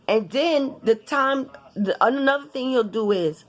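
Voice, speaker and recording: A woman vlogger talking casually and bluntly to her viewers, cursing often in an animated, informal way. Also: sits high, a little slow, few pauses. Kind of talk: casual vlog rant.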